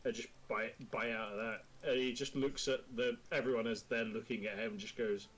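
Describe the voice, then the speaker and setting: A man's voice: mid-range voice, steady tone, fairly quick, fairly bright tone. A man playing a tabletop game, describing his character with laughs and swearing. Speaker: player.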